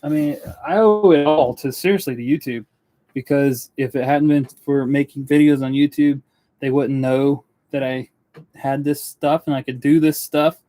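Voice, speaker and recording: A young man from Western North Carolina, a woodworking YouTuber, chats casually with viewers on a live stream from his indoor studio workspace. His voice is medium-pitched, steady and warm, at a normal speed. He rambles earnestly and keeps interrupting himself.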